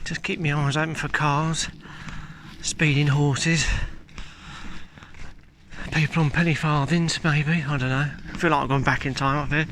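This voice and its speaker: A man's voice: a little high, level tone, unhurried, a bit bright, a little hiss or hum. A man chatting casually and candidly while out on a countryside walk, filming himself on a handheld camera. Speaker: vlogger. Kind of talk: casual walking chat. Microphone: handheld camera while walking. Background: faint outdoor ambience.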